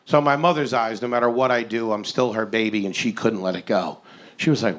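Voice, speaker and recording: A man in his forties performing a stand-up comedy set on stage, with an animated, incredulous, ranting delivery. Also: lowish voice, a little fast. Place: comedy stage before a live audience.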